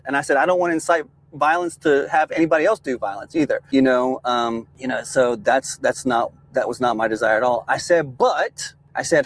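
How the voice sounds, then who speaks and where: A young adult man, a truck driver, casually telling a story to his viewers, lively and laughing, often calling them man and dude. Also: mid-range voice, brisk, few pauses. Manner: animated, laughing, says man and dude a lot. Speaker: trucker and channel host.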